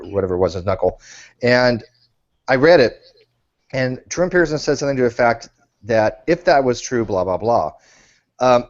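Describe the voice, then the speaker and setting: A man hosting a casual online group chat, talking in halting bursts with frequent restarts. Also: on the low side. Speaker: hangout host. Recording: dull lo-fi web call audio.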